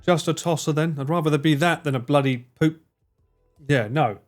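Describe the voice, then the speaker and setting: A man's voice: on the high side, normal speed. A man in his forties with an Essex accent, streaming a game live and chatting, swearing and laughing as he plays. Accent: Essex English. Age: 40s. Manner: swearing, joking, laughing often. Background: game music.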